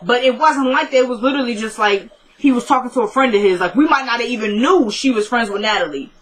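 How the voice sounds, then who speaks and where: A woman's voice: on the high side, fast, low-quality recording. Woman, chatty, casual recap, conversational storyteller. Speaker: show recap host.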